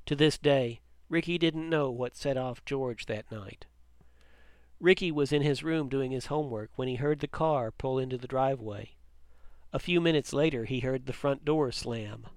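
A man narrating a story with a measured, even reading. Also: mid-range voice, no echo.

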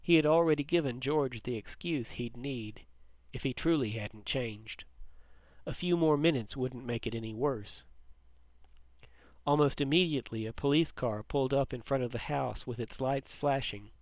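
A man reading a story aloud in a steady, measured way. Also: mid-range voice, no echo. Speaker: narrator.

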